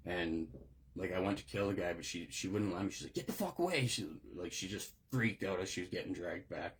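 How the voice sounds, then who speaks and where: A man's voice: deep voice, steady tone, a little fast, a little hiss or hum. A man in an unscripted recovery monologue, talking in a raw, profane, rambling way with many restarts, emotional and close to tears. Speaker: recovery video host.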